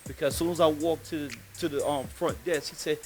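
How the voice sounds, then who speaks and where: A man tells a street story in loose, slangy, emphatic talk. His voice sits a little higher than most men's. Faint music plays under him. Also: steady tone, fairly quick. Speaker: podcast host.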